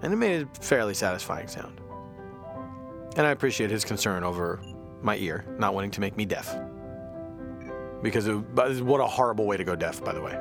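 A man's voice: lowish voice, expressive, fairly quick, vocal fry, pauses often, over music. A man hosting a comedy podcast, rambling wryly and interrupting himself. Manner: rambling, self-interrupting and wry. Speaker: podcast host. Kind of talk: comic monologue.

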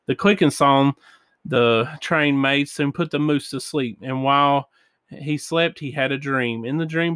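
A man reading children's storybooks and prayers aloud, with gentle sound effects and small voices. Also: mid-range voice, smooth, no echo, studio quality. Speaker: reader of children's books.

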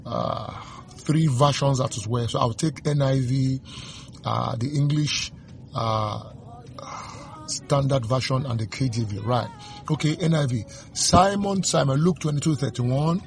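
Man preaching, unhurried and gravelly, repeats lines for emphasis; soft music bed. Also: mid-range voice, a little hiss or hum. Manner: slow, fervent, repetitive preaching with chanted refrains. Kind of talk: sermon.

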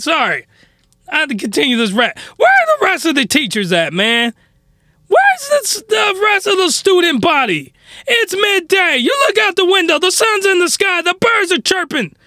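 High, bright-voiced man ranting. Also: normal speed, dry recording, clean studio sound. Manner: exasperated, animated ranting. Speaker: anime episode commentator. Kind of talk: ranting recap commentary.

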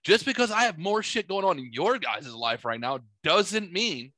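A man's voice: sits high, animated, moderate pace, sharp tone, dry recording. A man hosting a podcast, telling rambling, profane stories in casual chat. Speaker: podcast host. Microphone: studio microphone.

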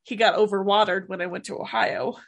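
A woman's voice: mid-range voice, steady tone, fairly quick, gravelly. A woman co-hosting a podcast in casual chat, rambling and laughing often, recorded over a remote call. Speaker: podcast co-host.

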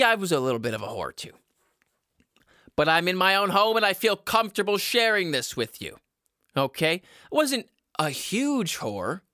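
A man in his twenties talks to his viewers from home in a loose, crude ramble, restarting sentences and chuckling at his own jokes. His voice sits a little high for a man and sounds bright and tense. The sound is dry and close, with no room echo. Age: 20s. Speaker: vlogger giving dating advice. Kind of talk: casual rambling monologue to camera.

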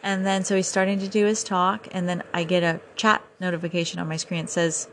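A young woman hosting a podcast, telling a story in a casual, animated way and acting out her own reactions. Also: lowish voice, a little fast, gravelly, few pauses, slight background noise. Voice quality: animated, breathless retelling with quoted reactions. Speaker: podcast host.

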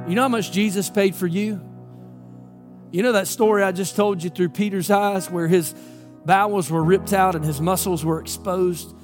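A male pastor preaching an impassioned sermon, full of emphatic rhetorical questions. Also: high voice.

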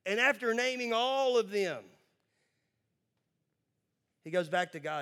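A man preaching a sermon as pastor to a congregation in a church. He talks emphatically, moving between quick asides and slow, drawn-out words. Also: high voice, expressive, a bit bright.

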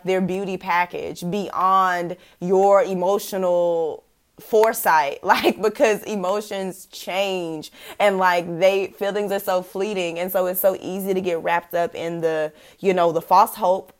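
A young adult woman hosting a podcast, talking casually about faith and dating, animated, laughing often, with many "like"s and fillers. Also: medium pitch. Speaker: podcast host.

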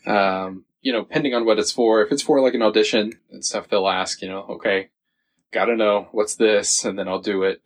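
A man's voice: lowish voice, fairly even intonation. A man co-hosting a casual podcast, joking and laughing as he talks over a film. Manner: joking, laughs often, quick asides. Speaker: podcast co-host. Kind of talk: casual movie-discussion chat.

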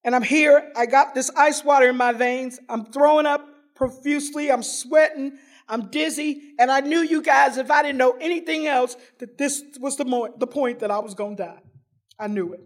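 A woman telling her personal recovery story to an audience, in an animated and humorous storytelling manner with dramatic pauses. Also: high-pitched. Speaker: recovery meeting speaker.

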